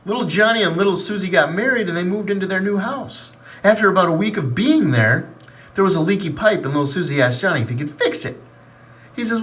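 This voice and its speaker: A man telling a run of dirty jokes in a lively storytelling manner, jumping his pitch up for punchlines and quoted voices. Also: a little fast, slight background noise. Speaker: joke teller.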